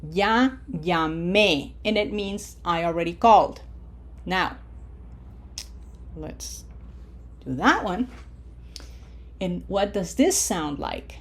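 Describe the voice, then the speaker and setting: A woman teaching a recorded language lesson, modeling words clearly for repetition and checking in with frequent "okay?" prompts. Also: fairly low pitch, expressive. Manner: slow, deliberate, checks in with "okay?". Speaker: Spanish teacher.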